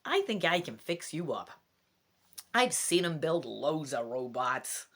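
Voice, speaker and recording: A woman voicing an earnest young boy fixing up a robot, in a put-on American accent and a slow, deliberate delivery. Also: deep voice, big pitch swings, heavily acted. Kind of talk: reading a gamebook aloud.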